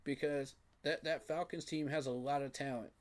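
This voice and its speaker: A man's voice: on the high side, fairly even intonation, moderate pace. A man giving a frustrated, emphatic postgame reaction rant, repeating his points for emphasis. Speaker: sports fan commentator.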